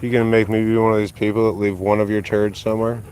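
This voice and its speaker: A fast-talking man streams live on his phone while walking his dog outdoors on a street, with slight background noise. He's relaxed and profane, muttering asides as he goes, and his voice shoots way up in pitch when he praises the dog.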